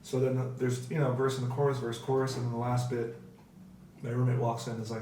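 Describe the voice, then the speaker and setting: A man's voice: medium pitch, level tone, fairly quick, mellow. Young man, casual guest comedian, rambling and self-correcting, recorded from a distance in a very echoey room with faint background noise. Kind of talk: casual chat.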